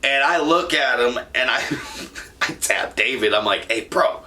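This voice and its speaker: A man's voice: mid-range voice, expressive, unhurried, pushed and bright. Profane laughing man telling a story. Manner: rambling, profane, laughs often. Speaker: podcast host. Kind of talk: casual storytelling.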